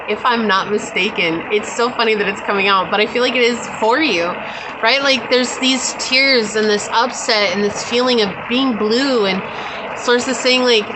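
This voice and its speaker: A woman's voice: on the high side, normal speed, noisy background. A woman doing a pick-a-card tarot reading, talking in a chatty, reassuring, spiritual way with many casual fillers. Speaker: tarot reader.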